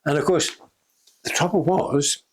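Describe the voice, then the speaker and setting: In a shop, an older man who worked in special effects tells casual backstage stories for an interview, frequently laughing and performing the lines he quotes. His voice is on the high side, steady and unhurried, with a slight hiss or hum in the audio.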